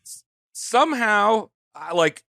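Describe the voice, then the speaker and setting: A man's voice: sits high, sing-song, takes it slowly, creaky, sharp tone, dry recording, studio quality. A man on a comedy podcast telling history in a jokey, slangy way, acting out quotes. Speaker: podcast host.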